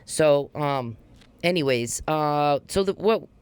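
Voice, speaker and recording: A woman's voice: deep voice, animated, slow, darkish tone, smooth. A woman hosting a podcast in a casual monologue, talking bluntly and heatedly, swearing often and repeating herself for emphasis. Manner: blunt, profane, heated and repetitive. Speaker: podcast host.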